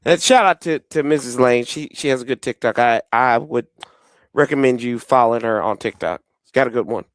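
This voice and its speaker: A man hosting a live game watch party, reacting excitedly and rambling into jokes. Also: medium pitch, fairly quick, clean tone, dry recording, studio quality. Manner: excitable, rambling, joking, teases the players. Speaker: host of a watch-party stream.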